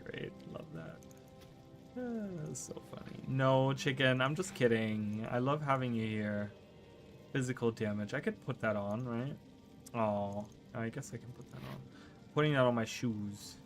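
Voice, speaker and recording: A man chats casually with his viewers while he plays, rambling and teasing as he goes. He trips over his words and starts his sentences again and again. His pitch sits in an ordinary middle range, and faint game music plays quietly behind him. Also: moderate pace. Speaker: gaming streamer. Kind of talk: casual livestream chat while gaming.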